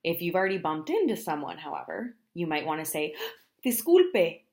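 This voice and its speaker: A woman teaching travel phrases in a language lesson, explaining each phrase and then saying it slowly, often twice. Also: deep voice, lively intonation. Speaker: Spanish teacher.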